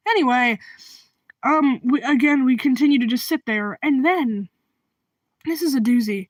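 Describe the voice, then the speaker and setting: A young woman telling a storytime vlog in a rambling way, with laughing asides and hushed whispered remarks. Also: a little high, moderate pace, no echo, rough recording. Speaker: vlogger.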